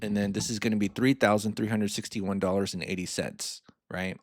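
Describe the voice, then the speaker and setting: A man's voice: on the low side, fairly even intonation, brisk, dry recording. A man in a casual walkthrough of loan calculations, rambling and chuckling at himself as he goes. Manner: rambling, self-amused, chuckles often. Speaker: finance mentor. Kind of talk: casual screen-share walkthrough.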